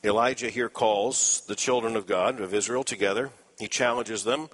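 A man's voice: medium pitch, a little fast, a bit bright, long reverb tail. A man preaching a sermon, explaining scripture earnestly with dry asides.

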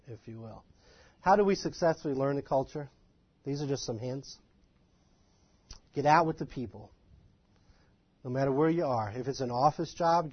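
A man giving an informal, animated and self-deprecating lecture to a live class of ministry students, in a folksy manner. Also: mid-range voice, husky, no room sound, dull audio. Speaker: ministry trainer.

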